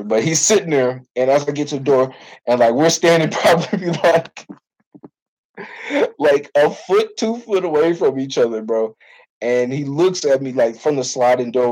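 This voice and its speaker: Young guy rambling through a crazy story, husky voice, swears a lot, slangy. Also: mid-range voice, darkish tone, poor audio. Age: young adult. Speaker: college football player. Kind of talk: casual storytelling to camera.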